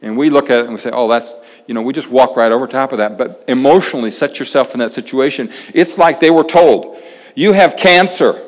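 A man preaching a sermon in a conversational way, pausing dramatically and dropping his voice very low for emphasis. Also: darkish tone. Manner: conversational, dramatic pauses, drops to near-whisper for emphasis. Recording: long reverb of a large hall.

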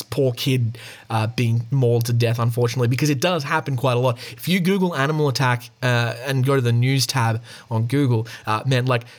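An Australian man hosting a podcast, reading news stories aloud in a casual way and adding chatty asides. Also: medium pitch. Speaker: podcast host.

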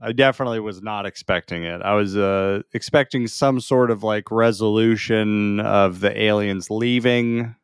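A man's voice: on the low side, normal speed, hardly any pauses, clean tone, no room sound, studio quality. A man co-hosting a podcast, chatting casually about movies, laughing often and leaning on "like". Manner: relaxed, laughs often, hedges with "like". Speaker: podcast co-host.

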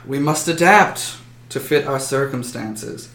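A man voicing a female high elf who speaks calmly and commandingly. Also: a little slow. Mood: resolute. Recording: roomy echo.

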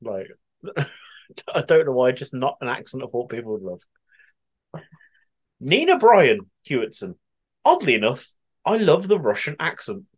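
Podcast host, male, from the West Midlands; animated, giggly delivery. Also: mid-range voice, a little slow, pauses often, breathy edge. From West Midlands, England. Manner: chatty and giggly, often laughing and swearing. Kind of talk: casual chat, reading listener answers.

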